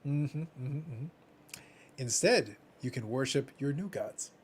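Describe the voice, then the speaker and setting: A Canadian man co-hosting a casual live stream, reading chat messages aloud with teasing sarcasm, sometimes muttering and sometimes shouting. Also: mid-range voice, lively intonation, slow pace, slight background noise. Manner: sarcastic, teasing, dramatic swings between mutters and loud outbursts.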